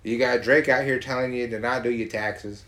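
A man from Georgia, talking in a profane, mocking, animated casual rant. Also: medium pitch, moderate pace.

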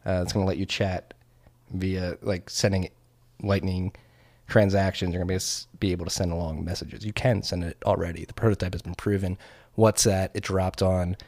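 A man's voice: low voice, level tone, moderate pace, a little mellow, dry recording. A man co-hosting a podcast, chatting casually in a laid-back, rambling way with lots of fillers. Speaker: podcast co-host. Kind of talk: casual chat.

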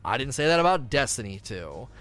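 A man chatting casually as a game streamer, rambling through his thoughts with frequent restarts and acting out quick voices along the way. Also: mid-range voice, very animated, fairly bright tone. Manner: rambling, restarts often, acts out voices mid-rant. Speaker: gaming streamer. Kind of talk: casual stream chat answering viewers.

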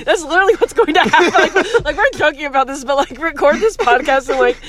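A woman's voice: high voice, fast, fairly bright tone. A young woman, a comedian, chatting casually on a podcast, rambling with lots of "like" and frequent laughs. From Columbus, Ohio area. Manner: giggly, rambling, heavy use of "like". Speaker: guest comedian.

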